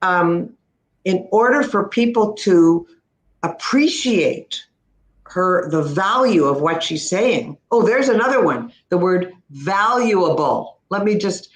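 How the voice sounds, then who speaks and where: This is a middle-aged Canadian woman teaching pronunciation, with a crisp, instructive manner. She slows down to model words carefully. Her voice carries a noticeable room echo. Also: fairly low pitch, animated. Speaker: speech-language pathologist.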